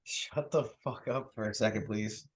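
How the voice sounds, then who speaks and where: A man's voice: lowish voice, normal speed. Profane man telling stories in casual chat. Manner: profane, storytelling, talks over his co-host. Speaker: podcast co-host.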